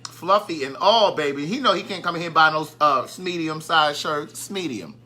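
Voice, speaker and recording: A man's voice: on the high side, lively intonation, normal speed, pushed and bright, soft background music. A man hosting a casual live stream, chatting and greeting viewers by name, and easily sidetracked.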